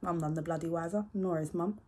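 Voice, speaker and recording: A sardonic young narrator, played by a woman, tells a family tale in dry, grumbling asides. The voice sits a little low and has a husky grain. It is a solo stage monologue. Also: fairly even intonation, fairly quick, dark tone, lightly acted. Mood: wry. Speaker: stage actor.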